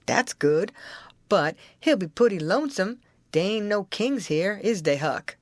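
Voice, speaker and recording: A woman's voice: mid-range voice, animated, unhurried, no room sound, close to an everyday voice. A stubborn grown man drifting downriver on a raft, as a woman reader puts him on, arguing in thick folksy dialect and refusing to budge. His voice leaps and dips with every objection, and it sits close and dry with no room around it. Storybook reading. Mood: puzzled. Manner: folksy rural dialect, argumentative and indignant.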